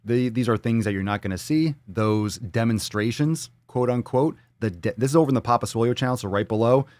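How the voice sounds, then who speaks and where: A man's voice: mid-range voice, a little fast, darkish tone, dry recording. A man hosting a live fitness show, reading viewer comments and ranting with heavy profanity and sarcasm.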